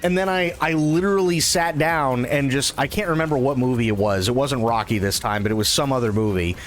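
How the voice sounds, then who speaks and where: A man streaming a game live who tells a long, rambling story in casual, profane, animated chat and laughs at his own tales. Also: medium pitch, brisk, faint music behind.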